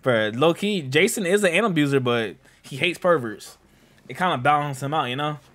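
A young man hosting a casual movie reaction, excitable and slangy, laughing and swearing as he talks to viewers. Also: on the high side, brisk, slight background noise. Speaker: reaction host.

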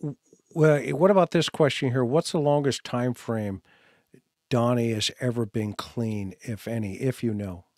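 A male host asking interview questions in a halting, conversational way. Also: medium pitch, a little mellow, no room sound, clean studio sound. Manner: halting, restarts often, conversational. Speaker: podcast host.

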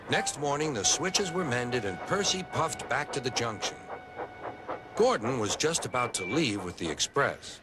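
A man's voice: medium pitch, a little slow. An American man narrates a children's story, his voice rising and falling a great deal. Music plays under his reading throughout. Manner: animated, expressive storytelling.

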